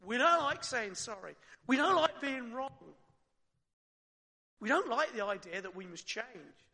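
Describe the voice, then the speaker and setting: A man preaching with a high, bright voice that rings through a long-reverb hall. He talks to his listeners conversationally, asks them questions and sinks to a quiet voice at times. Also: animated, a little slow, vocal fry. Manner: conversational, with rhetorical questions and soft drops. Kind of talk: sermon.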